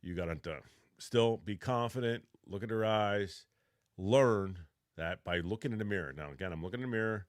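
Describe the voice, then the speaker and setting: Low-voiced man giving rambling advice. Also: moderate pace, no echo, clean studio sound. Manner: rambling, with restarts and mock interview demonstrations. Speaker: podcast host giving job-search advice. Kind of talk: casual advice talk.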